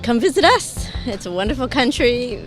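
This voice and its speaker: A woman answering an interviewer's questions on a city street in a warm, friendly way. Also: on the high side, very animated, moderate pace, music in the background. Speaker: passer-by.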